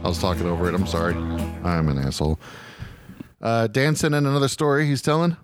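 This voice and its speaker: A man's voice: fairly low pitch, fairly quick, no room sound, studio quality, faint music behind. A man hosting a podcast, chatting loosely and joking as he reads out a story. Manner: loose, joking, laughs easily. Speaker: podcast host. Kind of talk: casual chat.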